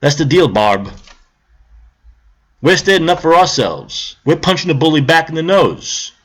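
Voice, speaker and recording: A man's voice: fairly high pitch, big pitch swings, unhurried. A man hosting a live stream, delivering a sarcastic political rant, mocking others and swearing.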